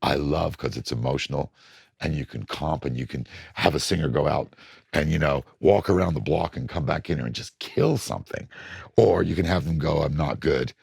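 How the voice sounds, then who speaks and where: Gravelly deep-voiced older man. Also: normal speed, no room sound. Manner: animated storytelling, acts out studio voices. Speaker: record producer. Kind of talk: casual interview talk.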